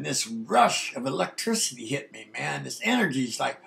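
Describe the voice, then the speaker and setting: A man's voice: fairly high pitch, expressive, a little fast, hardly any pauses, a bit bright. An older man telling a rambling, folksy story from his past, dropping "man" into nearly every sentence. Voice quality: gravelly. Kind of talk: casual spoken memoir.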